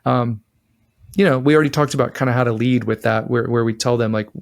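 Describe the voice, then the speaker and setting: A man's voice: medium pitch, steady tone, quick pace, creaky. A man co-hosting a podcast about relationships, talking in a rambling, casual way and acting out what partners say to each other. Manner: rambling, acts out partners' lines in shifting voices. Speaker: podcast co-host. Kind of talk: casual relationship advice chat.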